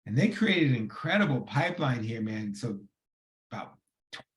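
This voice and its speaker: A man of middle pitch tells his story as a guest in his thirties, casual and slangy. He talks animatedly and bounces through his anecdotes. The sound rings with a roomy echo. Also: normal speed. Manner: animated, acts out quoted dialogue in a casual slangy way. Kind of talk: conversational storytelling.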